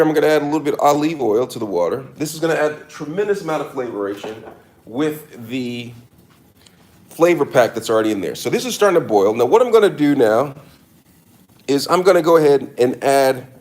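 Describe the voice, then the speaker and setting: A man doing a casual cooking demo in his kitchen, hamming it up with mock-serious tips and repeated catchphrases. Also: medium pitch. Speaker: cooking vlogger. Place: home kitchen.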